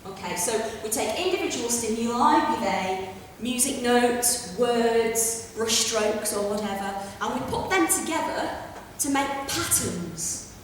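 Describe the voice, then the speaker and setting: A woman giving a chatty, brash stand-up comedy lecture on a theatre stage, with quick asides. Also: fairly high pitch, lively intonation, recorded from a distance, a little hiss or hum. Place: theatre stage before a live audience. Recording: echoey hall recorded from afar.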